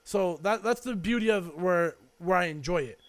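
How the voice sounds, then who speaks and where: Young guy podcasting, pretty high voice, rambly and thoughtful, lots of likes. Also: moderate pace. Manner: rambling, heavy on fillers, reflective. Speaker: podcast co-host. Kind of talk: casual chat.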